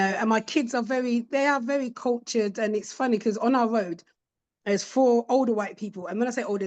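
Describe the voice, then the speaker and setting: Appearing as a guest on a podcast, a woman with a rather high voice and darkish tone tells stories in a casual interview. She acts out the voices of the people she quotes.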